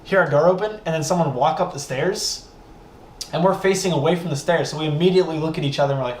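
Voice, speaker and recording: A young man hosts a podcast and tells a story in a casual, animated way, swearing freely. His voice sits a little high for a man. The room gives a roomy echo with faint noise behind. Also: fast. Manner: animated, profane, laughing storyteller. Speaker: podcast host.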